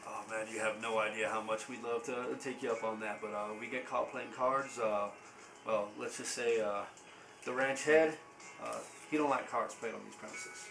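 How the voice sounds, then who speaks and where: A man voicing a muddy, toothless young male ranch hand who speaks in a hesitant, halting drawl. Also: fairly low pitch, fairly even intonation, vocal fry, echoey room, over music, pitched below the performer's own voice, rough recording. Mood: wary. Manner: hesitant drawl full of pauses.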